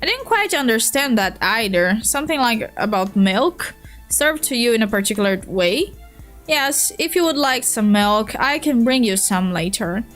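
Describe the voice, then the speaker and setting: A woman with a Brazilian Portuguese accent voicing an overly polite, formal male gentleman who talks at length, reading from a webcomic. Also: fairly high pitch, sing-song, normal speed, soft background music. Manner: prim, courteous, long-winded.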